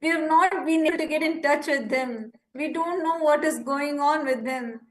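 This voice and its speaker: Speaking at normal speed with hardly any pauses, a woman with a bright, high voice delivers an urgent appeal on a live stream. She pleads passionately with listeners, then turns indignant when addressing critics.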